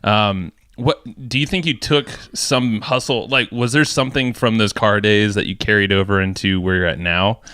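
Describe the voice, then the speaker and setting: A man hosting a podcast, asking questions in a relaxed, chatty way. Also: on the low side, normal speed, few pauses, smooth, no room sound. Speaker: podcast host. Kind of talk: casual interview.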